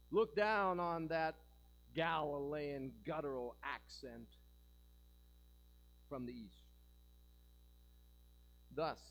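A man's voice: fairly high pitch, poor audio. A man preaching a sermon in a church, joking and asking the congregation rhetorical questions. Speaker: pastor.

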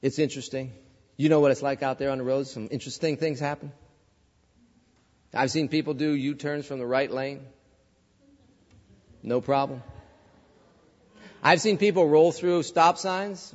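High-voiced pastor preaching in a hall. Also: male voice, dull audio. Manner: animated storytelling, acting out voices. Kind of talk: sermon.

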